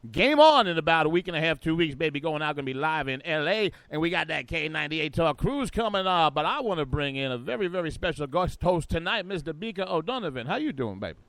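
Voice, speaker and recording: Loud brash talk radio guy, high bouncy voice, dead dry studio sound. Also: very animated, fast talker, few pauses, dry recording. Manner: brash, hyped, riffing. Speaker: radio talk show host.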